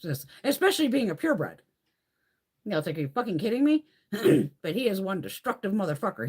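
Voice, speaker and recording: Husky low-voiced woman, blunt and profane. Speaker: beauty live-stream host. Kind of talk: casual chat on a live stream. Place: at home.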